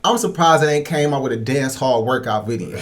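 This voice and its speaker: A man hosting a podcast in casual chat, an animated storyteller who keeps saying "you know what I'm saying". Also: medium pitch, fairly quick. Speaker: podcast host.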